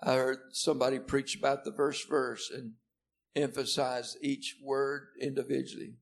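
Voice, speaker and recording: Pastor, male, gravelly, preaching to a church, loud then hushed, repeats words for emphasis. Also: mid-range voice, little pitch movement, normal speed. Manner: preaching with sharp swings between loud and hushed; repeats and restarts words when stressing a point. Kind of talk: sermon. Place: church service before a seated congregation.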